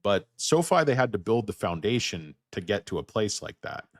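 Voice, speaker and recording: A man with a hoarse voice from getting sick, hosting a casual livestream about stocks. He rambles, jokes crudely and talks to his viewers. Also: on the low side, lively intonation, a little fast, no room sound, studio quality. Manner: rambling, crude, joking asides. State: losing his voice, feeling sick. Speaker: stock market livestream host.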